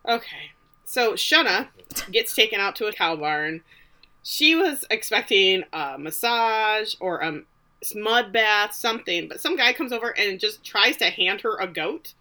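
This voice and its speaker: A woman co-hosting a podcast, recapping a TV episode in casual chat, animated and swearing, acting out the characters' lines. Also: medium pitch, measured pace. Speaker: podcast co-host.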